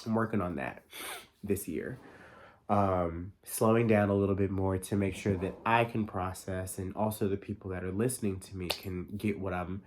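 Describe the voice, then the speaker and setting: A man in his thirties talking in a casual solo monologue as podcast host, fast and excitable with lots of filler words and the odd curse. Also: deep voice, slight background noise. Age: 30s. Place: New York.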